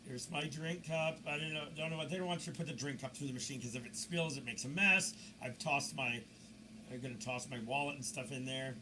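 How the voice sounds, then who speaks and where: A man narrating security camera footage as a video commentator, telling the story in a lively way with mocking asides. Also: on the high side, background noise.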